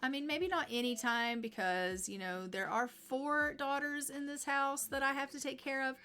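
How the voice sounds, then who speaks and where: A woman gives chatty, sarcastic commentary while she plays a life-sim game, her voice bright and sitting a touch high. Faint music plays underneath. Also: steady tone, moderate pace. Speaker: game streamer. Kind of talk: casual gameplay commentary.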